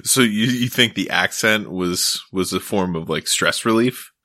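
A man with a low yet bright, forward voice co-hosts a comedy podcast. He drops crude jokes deadpan, recorded close and dry with no room sound. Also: unhurried, no room sound. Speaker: podcast co-host. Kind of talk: casual comedic banter.

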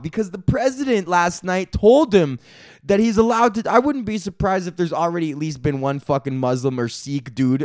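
A man's voice: sits high, no room sound, studio quality. Profane ranting man on a podcast. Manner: profane, rambling, animated ranting with frequent laughs. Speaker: podcast host. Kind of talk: solo comedy podcast rant.

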